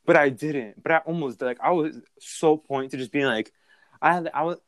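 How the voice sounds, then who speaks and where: A young man telling a story in a casual, animated and profane way, with a background. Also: on the high side, moderate pace, dry recording, clean studio sound.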